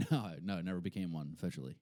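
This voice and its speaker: A man's voice: sits low, quick pace, dry recording, clean studio sound. A young man co-hosting a podcast, chatting casually and telling jokes. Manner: joking, lively storytelling. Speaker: podcast co-host.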